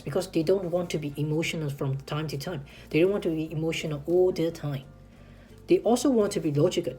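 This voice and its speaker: A woman with a low-set, husky voice giving casual vlog advice, talking straight to the camera. She is earnest and repeats herself, keeps asking "right?" and calling out to "guys", and restarts sentences mid-thought. Her tone is soft and mellow rather than bright. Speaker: advice vlogger.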